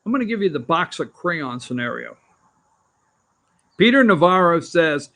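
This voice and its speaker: A man's voice: high voice, big pitch swings, unhurried, pauses often, bright, forceful tone. A man hosting a political opinion show, ranting sarcastically about the news from an office. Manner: ranting, sarcastic, repeats himself.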